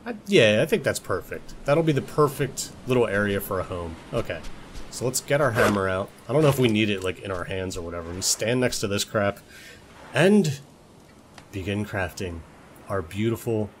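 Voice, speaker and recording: A man's voice: lowish voice, expressive, normal speed, a little hiss or hum. A young man giving casual gameplay commentary as a let's play host, joking, swearing lightly and talking to things in the game. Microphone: desktop recording mic.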